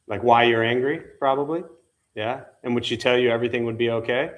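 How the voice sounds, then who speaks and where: Male meditation teacher, mid-pitched, chatty talk style that keeps quizzing the room. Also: fairly even intonation, a little fast, lo-fi sound. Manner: conversational, asks the listeners questions. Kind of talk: informal dharma talk with questions. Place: temple meditation hall.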